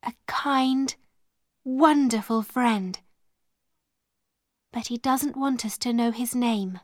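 A gentle, hopeful young girl, as a woman reads her lines, speaking in a soft, slightly raised voice that often drops near a whisper. Her pace is very slow and deliberate, recorded dry and close. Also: on the high side, dry recording. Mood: tender.

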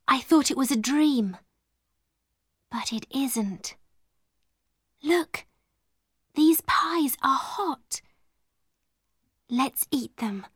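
A woman voicing a gentle, hopeful young girl, speaking softly and slowly, often near a whisper. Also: high-pitched, husky, dry recording, clean studio sound, full character voice. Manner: soft, slow, often hushed.

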